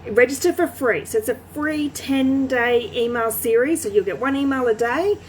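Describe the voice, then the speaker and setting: A woman's voice: high-pitched, normal speed, slight background noise, rough recording. A woman talking casually to camera as a small business coach, chatty and full of fillers and restarts.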